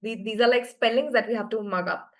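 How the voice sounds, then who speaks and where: A woman's voice: on the high side, quick pace. A woman teaching French to beginners in an online class, explaining patiently and often checking that students follow.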